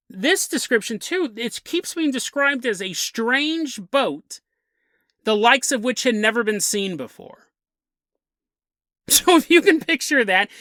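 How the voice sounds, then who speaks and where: A man with a bright, forward voice recounts a weird sea story for his podcast, casual and amused, often breaking into a chuckle. The sound is dry and close, with no room around it. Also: very high voice, no echo. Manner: chatty and amused, chuckling through the tale. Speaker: podcast host.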